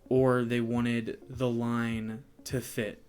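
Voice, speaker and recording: A man's voice: medium pitch, little pitch movement, extremely slow, a little mellow. A man co-hosting a music reaction show, thinking aloud and reading out lyrics and notes in casual chat. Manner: rambling, thinks aloud, reads lyrics and annotations aloud.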